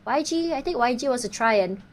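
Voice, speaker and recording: A woman's voice: on the high side, expressive, fairly quick. A woman casting a mobile esports match live, in a bubbly, playful way. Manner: bubbly, playful, self-teasing. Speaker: esports caster. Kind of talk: live game commentary. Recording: faint background noise.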